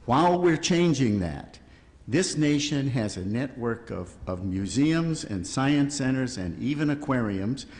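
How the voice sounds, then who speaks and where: Man, forceful opinionated panel talk, mid pitch, long hall reverb. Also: animated, unhurried, slight background noise. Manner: emphatic, opinionated. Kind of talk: panel discussion argument.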